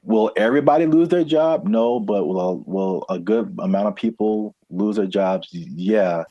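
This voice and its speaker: A deep, low-pitched man from California chatting on a podcast in a laid-back way. He laughs easily and lets his sentences trail off. The sound is dry and close. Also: moderate pace, mellow, no room sound, dull audio. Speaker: podcast co-host. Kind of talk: casual podcast chat.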